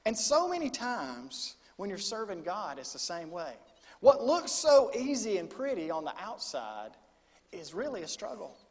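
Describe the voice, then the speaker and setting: A man's voice: sits high, long reverb tail. A middle-aged man, a student minister preaching a sermon in a folksy storytelling manner. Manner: folksy storytelling with quoted asides.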